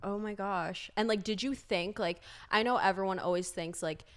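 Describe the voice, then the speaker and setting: A woman hosts a casual podcast interview with a voice in a middle range. She reacts with eager, gushing energy. She keeps the talk moving with quick, chatty asides. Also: mid-range voice, a bit bright. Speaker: podcast host.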